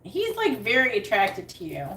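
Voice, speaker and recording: A woman's voice: medium pitch, wildly swooping pitch, normal speed, sharp tone. Woman psychic on a live stream, repeats the same questions over and over, roomy echo. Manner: repetitive chanting of questions, casual asides. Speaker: psychic reader. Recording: echoey room with background noise.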